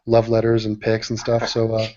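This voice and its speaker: A man hosting a casual group video call, talking in an animated, profane, rambling way. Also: fairly low pitch, normal speed. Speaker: host. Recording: dull lo-fi call audio.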